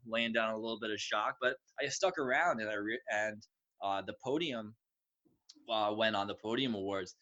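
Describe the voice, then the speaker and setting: A young adult man chatting as an interview guest, relaxed and conversational. He tells stories with energy, acting out what others said in a higher, louder voice. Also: lo-fi sound. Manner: animated storyteller, acts out quotes in a raised voice. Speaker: guest, pro obstacle course racer. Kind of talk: casual interview chat.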